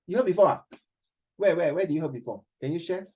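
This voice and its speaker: A man's voice: fairly high pitch, fast talker, dark tone, slightly rough. A man with a Singaporean accent teaching a class, chatty and full of fillers, quizzing his students as he goes. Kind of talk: classroom lecture.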